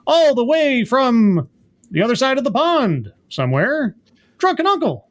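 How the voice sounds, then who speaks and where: A man's voice: very high-pitched, big pitch swings, unhurried. A man hosting a casual online show, upbeat and playful as he greets viewers and his guest. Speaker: host. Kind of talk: casual chat.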